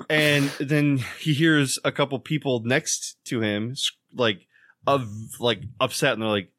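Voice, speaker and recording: A man's voice: fairly even intonation, unhurried, a bit bright, no room sound, studio quality. A man co-hosting a podcast, telling a long joke in a rambling casual way and acting out the characters. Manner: rambling storyteller, acts out the characters with jumps in pitch. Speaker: podcast co-host.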